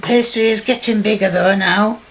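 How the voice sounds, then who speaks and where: A woman giving slow, chatty step-by-step instructions in a home cooking demonstration. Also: mid-range voice, fairly even intonation, gravelly, a little hiss or hum. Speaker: home cook.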